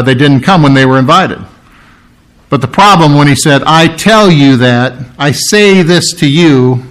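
A man preaching a sermon, emphatic and animated, acting out quoted lines and often clearing his throat. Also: on the high side. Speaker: pastor.

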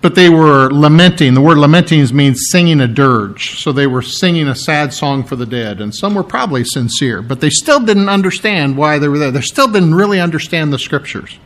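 A man delivers a sermon in a voice sitting a bit high for a man. He acts out quotes with sudden swings in loudness and pitch. He restarts his sentences often and keeps clearing his throat. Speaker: preacher.

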